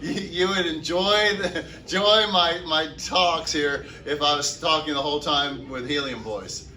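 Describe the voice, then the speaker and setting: Male teacher mid-lecture; bright, forceful tone; asks and answers his own questions; mic far off in an echoey room. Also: on the high side, fairly even intonation, unhurried, slight background noise. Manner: asks the class questions and answers them himself. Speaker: chemistry teacher. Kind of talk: classroom lecture. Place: classroom.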